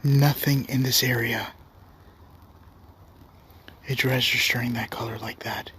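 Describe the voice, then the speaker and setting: A man's voice: medium pitch, fairly even intonation, unhurried, pushed and bright, slightly rough. A man exploring a forest at night with a camera, talking tensely and often in a whisper. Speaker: paranormal investigator.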